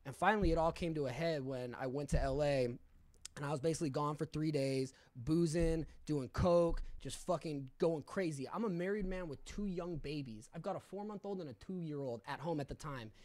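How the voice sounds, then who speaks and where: A man's voice: on the high side, normal speed, a little mellow, no room sound. A young man telling a candid story in casual talk, full of swearing and fillers. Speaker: podcast guest.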